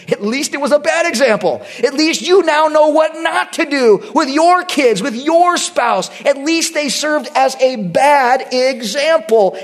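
Animated high-voiced male pastor preaching. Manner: animated preaching, swings between loud bursts and hushed asides. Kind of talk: sermon.

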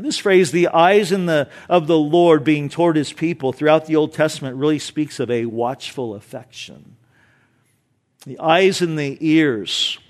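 A middle-aged man preaching to his church, his fairly high voice swinging from emphatic, excited stretches to soft, hushed moments. He talks in a conversational way, with quick asides to the congregation. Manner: drops to soft, hushed tones for tender points. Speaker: pastor. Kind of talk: sermon. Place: church sanctuary.

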